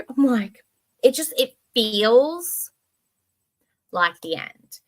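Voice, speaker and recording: Speaking very slowly in a slightly high voice with lively intonation, a woman hosts a casual livestream. Her talk meanders from thought to thought with plenty of expression and the odd casual curse, and every so often she reads comments from her chat aloud.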